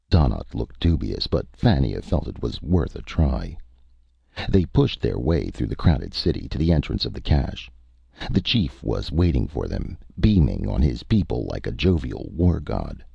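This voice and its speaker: Male narrator, very low and dark, lively pitch, close dry lo-fi sound. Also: gravelly, breathy edge, no room sound. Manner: steady, measured storytelling. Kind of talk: audiobook story reading. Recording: dry, dull lo-fi recording.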